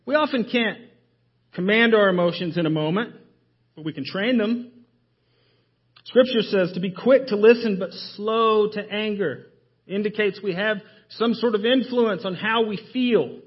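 A man preaching a sermon in a church, emphatic and full of rhetorical questions, often dropping his voice low to stress a point. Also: unhurried, breathy edge, dull audio. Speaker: pastor. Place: church sanctuary.

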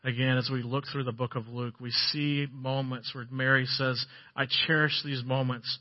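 A man preaching a sermon, telling stories with a voice that swells loud and then drops soft. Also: medium pitch, flat delivery, moderate pace, muffled recording. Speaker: pastor.

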